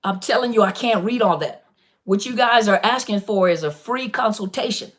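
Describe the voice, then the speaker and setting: A woman's voice: medium pitch, normal speed. Chatty woman hosting live Q&A. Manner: chatty and animated, addresses viewers directly, repeats "listen". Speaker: online coach on narcissist abuse, live Q&A host. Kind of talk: casual live-stream Q&A.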